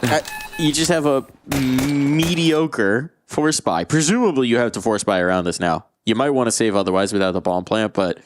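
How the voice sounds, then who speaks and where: A man casting esports play-by-play, excitable and jokey, his voice leaping up on big plays. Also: mid-range voice, normal speed, no echo. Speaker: esports caster. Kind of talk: play-by-play commentary.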